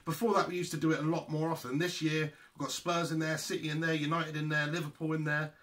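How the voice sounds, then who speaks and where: A fast-talking man with a high, bright voice hosts a laid-back football podcast. He gets excited, swears freely and laughs a lot as he reacts. He is a young adult. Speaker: podcast host. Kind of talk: casual football chat.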